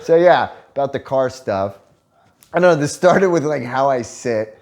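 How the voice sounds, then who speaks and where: Man, casual storytelling, profane, frequent laughter, average pitch. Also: expressive, normal speed, darkish tone. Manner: profane, laughs often while telling stories. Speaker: vlogger telling a story to his partner.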